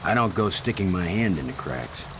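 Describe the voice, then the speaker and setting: A calm male commander with a fairly low voice and deadpan delivery. The lines come from game audio with clear background noise. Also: normal speed. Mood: wry. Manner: dry, matter-of-fact.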